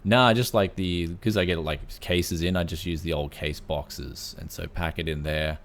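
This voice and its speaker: Laid-back Aussie host, deep voice, easygoing tech chat full of "man". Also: steady tone, moderate pace, vocal fry. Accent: Australian. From Australia. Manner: laid-back, says "man" often, many fillers. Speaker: podcast host. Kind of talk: casual tech podcast chat.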